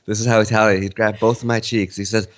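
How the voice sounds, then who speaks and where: A man's voice: fairly low pitch, flat delivery, fast talker. A man in his thirties co-hosting a podcast, telling a story in a casual, rambling way with many fillers and restarts. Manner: rambling, with fillers and self-corrections. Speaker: podcast co-host.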